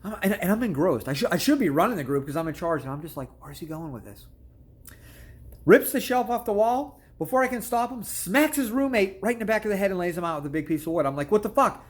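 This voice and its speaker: A man hosting his own channel tells stories to camera in a blunt, crude comedic rant, swearing constantly and dropping repeated "I'm like" asides. His voice sits high, with lively intonation, a quick pace and hardly any pauses.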